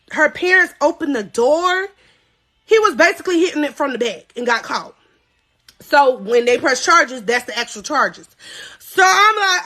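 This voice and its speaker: On a live podcast, a thirtysomething woman tells a story with lively energy, her voice shifting from loud cries down to quiet asides.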